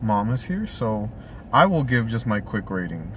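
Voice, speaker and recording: A young man giving a quick, blunt film rating in casual chat from a car, swearing freely. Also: on the low side, sing-song, a little hiss or hum. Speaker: co-reviewer.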